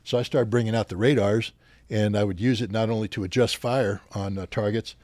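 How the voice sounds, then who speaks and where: An older man sits as a podcast guest and tells service stories with lively energy, slipping into the voices of officers he quotes. His voice sits low, and the sound is dry and close with no room around it. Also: fairly quick, no echo. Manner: animated anecdotes, acting out quoted officers. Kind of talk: storytelling in a podcast interview.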